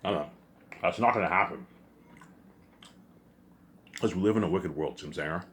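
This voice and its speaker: A man's voice: low voice, moderate pace, a bit bright, a little hiss or hum. A man delivering an agitated, repetitive, accusing rant straight to camera. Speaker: vlogger. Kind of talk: ranting monologue to camera.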